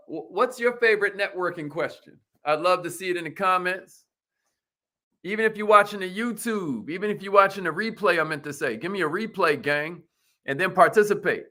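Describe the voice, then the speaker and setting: High-energy man hosting a live stream. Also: a bit bright. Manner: hypes viewers, calls out commenters by name; repeats phrases, leads affirmations. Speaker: host of a live business stream.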